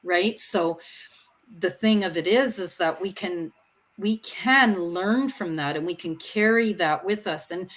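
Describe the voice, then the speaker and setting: Female co-host, lower voice, reflective and conversational, often asks "right?". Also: unhurried. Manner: reflective, often adding "right?" and "you know".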